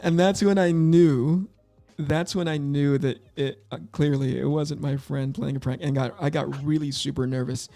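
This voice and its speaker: A man's voice: on the high side, fairly even intonation, moderate pace, warm tone, faint music behind. A middle-aged man hosting a casual livestream, telling rambling, self-deprecating stories about his career. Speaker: livestream host. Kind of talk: casual livestream chat while drawing.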